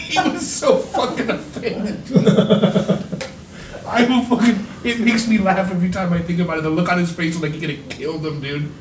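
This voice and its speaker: A man's voice: high voice, steady tone, moderate pace. A man telling rowdy, profane anecdotes in casual podcast chat, often breaking into laughter. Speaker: podcast host. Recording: roomy, distant mic, faint noise.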